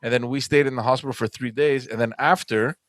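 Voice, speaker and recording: A man's voice: medium pitch, fairly even intonation, fast talker, a bit bright, no room sound. A man co-hosting a podcast who tells a parenting anecdote casually and laughs along. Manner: laughs through his own stories. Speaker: podcast co-host.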